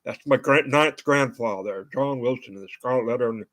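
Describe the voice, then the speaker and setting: A man's voice: medium pitch, a little fast, fairly bright tone. An older American man hosting his own show, talking in a rambling monologue full of fillers and restarts. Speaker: show host.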